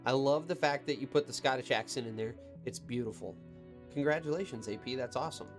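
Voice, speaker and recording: A man's voice: mid-range voice, a little fast, music in the background. Chatty man hosting a live Q&A. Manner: chatty, reads viewer comments aloud and answers them. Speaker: heavy equipment operator hosting a live Q&A. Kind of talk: casual live-stream chat. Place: in an equipment cab.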